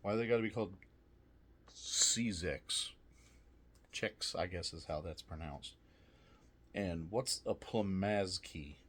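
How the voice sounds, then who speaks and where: A man's voice: sits low, moderate pace. A man casually reviewing snacks, reading trivia aloud with jokey asides, swearing and laughing often.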